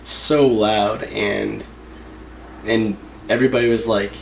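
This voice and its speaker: A young man speaks slowly and hesitantly, with many fillers. His voice is low and gravelly, and faint noise sits behind it. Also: fairly even intonation. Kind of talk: casual storytelling.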